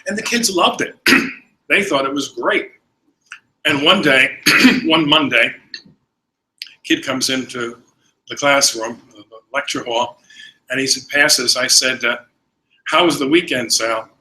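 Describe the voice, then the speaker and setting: A man, a priest, giving a conference lecture, often clearing his throat and telling anecdotes. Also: mid-range voice, takes it slowly, long pauses, pushed and bright, poor audio.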